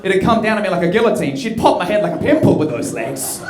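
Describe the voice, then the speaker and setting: A man's voice: sits high, lively intonation, fast talker, a little mellow. A man doing a stand-up routine about his girlfriend, cheeky and teasing the crowd. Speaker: stand-up comedian. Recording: echoey club room.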